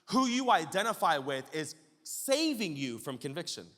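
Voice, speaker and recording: A man pastor preaching a sermon, firing off rhetorical questions and building up to shouts at the peaks. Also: on the high side, sing-song, normal speed. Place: church sanctuary. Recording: long church-hall reverb.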